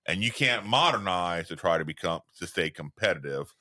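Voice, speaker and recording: Bright-voiced man swearing in casual chat. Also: low-pitched, lively intonation, normal speed. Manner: rambling, swears freely, laughs a lot. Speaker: podcast co-host.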